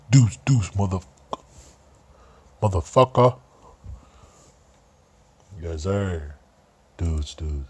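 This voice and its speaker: A man's voice: deep voice, expressive, slow pace, long pauses, husky. Slangy laid-back male streamer. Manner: laid-back slangy, profane and laughing a lot. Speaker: game streamer. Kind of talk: casual live-stream chat.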